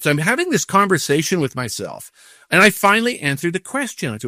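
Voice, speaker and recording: Older man telling animated stories. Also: a little high, quick pace, dry recording, studio quality. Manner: animated storytelling with acted-out inner voices. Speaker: guest, professional golfer. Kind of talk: casual storytelling.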